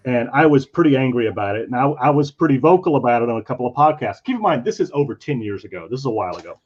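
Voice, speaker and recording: A man's voice: mid-range voice, racing. A man, a comic artist, telling a convention story in casual chat and acting out the voices of the people in it. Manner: animated, acts out quoted voices. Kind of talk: casual storytelling while drawing. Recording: dull lo-fi stream audio.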